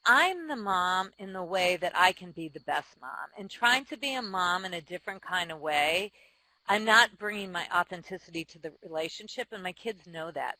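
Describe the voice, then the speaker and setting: Bright, frank businesswoman in her forties. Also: fairly low pitch, low-quality recording. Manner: frank and self-deprecating, with quick laughs and restarts. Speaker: company CEO and author, guest. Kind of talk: candid interview storytelling.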